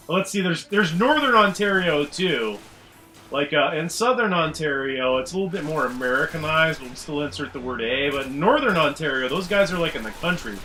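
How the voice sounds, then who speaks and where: A man's voice: on the high side, lively intonation, moderate pace, pushed and bright, faint music behind, poor audio. A man with a Canadian accent, chatting and rambling casually during a co-op game session over a headset. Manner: chatty and rambling, laughs easily. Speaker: gaming commentator. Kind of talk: casual co-op chat over gameplay.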